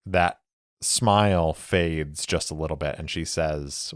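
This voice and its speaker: A man narrating his own solo tabletop game as the podcast host, measured and deliberate in his storytelling. His voice sits deep and he takes his time. The sound is dry and close to the mic. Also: steady tone, clean tone, dry recording.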